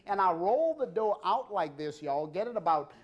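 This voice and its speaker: A man's voice: high-pitched, lively intonation, normal speed, lo-fi sound. A middle-aged man hosting a cooking show, chatting jovially with guests and crew while he demonstrates a recipe with a loose, unscripted flow. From Louisiana. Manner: loose unscripted delivery with many fillers. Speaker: TV cooking show host and chef.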